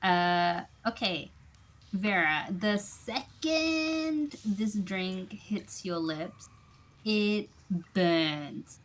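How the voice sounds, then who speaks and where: A woman narrating a tabletop game as game master, describing events in vivid, unhurried detail, with faint background noise. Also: mid-range voice, lively intonation.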